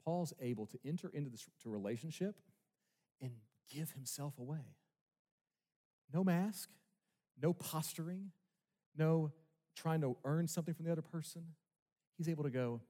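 A man's voice: a little high, expressive, moderate pace, long pauses, dark tone. A male pastor preaching a sermon with emphasis, asking his congregation rhetorical questions. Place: church sanctuary. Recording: long reverb of a large hall.

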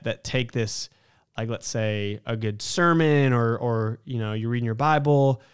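Smooth-voiced earnest male podcast host. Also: lowish voice. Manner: earnest, encouraging, reads a quote aloud. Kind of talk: casual church podcast discussion.

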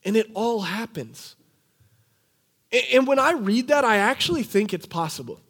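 Young guy preaching, kinda high voice, animated storytelling, drops low for the quotes. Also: normal speed, husky. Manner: animated, acts out quoted speech in a lower voice. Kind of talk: sermon storytelling.

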